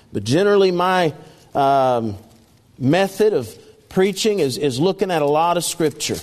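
A man's voice: a little high, a little mellow, big-room sound. A man preaching a sermon, reading scripture aloud and repeating key phrases with emphasis.

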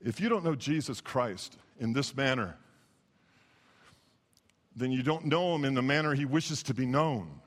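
A man preaching a sermon as pastor, impassioned, swinging from hushed lines to emphatic ones. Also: mid-range voice, animated, measured pace, long pauses, big-room sound. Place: church sanctuary.

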